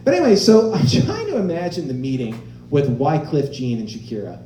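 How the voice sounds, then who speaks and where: A man performing stand-up with a lively voice that swings high and low. His tone is mellow and dark, and the sound is roomy like a live club stage. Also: a little fast, distant mic. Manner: animated storytelling, acting out voices of others. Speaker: stand-up comedian. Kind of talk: stand-up comedy set.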